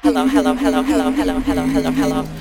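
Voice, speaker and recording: A man voicing an eerie many-armed spider-like monster that repeats a word over and over, louder and louder, much deeper than his own voice. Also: monotone, rapid-fire, lightly acted.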